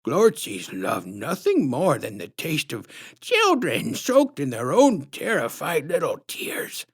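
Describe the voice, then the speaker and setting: A man reading his storybook aloud, voicing a creepy, drooling old woman counselor whose squeaky baby talk slides into a dark hiss. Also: huge pitch swings, slow, slightly rough, heavily acted. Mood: menacing.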